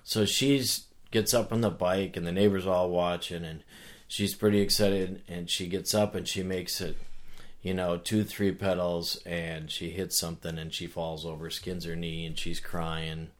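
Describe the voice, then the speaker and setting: A man talking as a guest in a casual conversation, telling a story with animated energy and earnest restarts. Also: low voice, a little slow. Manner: animated storyteller who acts out voices. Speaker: author and guest.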